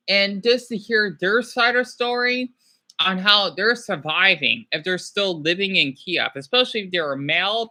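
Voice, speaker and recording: A man hosting a casual livestream, rambling and excitable, often apologizing as he talks. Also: high voice. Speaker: livestream host.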